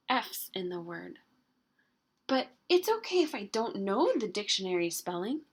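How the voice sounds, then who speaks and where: A woman teaching an early-grade writing lesson, slowly stretching out the sounds of words and coaxing answers with gentle questions. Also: mid-range voice, sing-song, husky. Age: adult.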